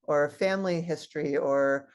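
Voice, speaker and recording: A woman's voice: sits low, normal speed, darkish tone. Woman minister asking reflective questions. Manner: reflective, asks questions of the congregation. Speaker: guest minister. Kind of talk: sermon.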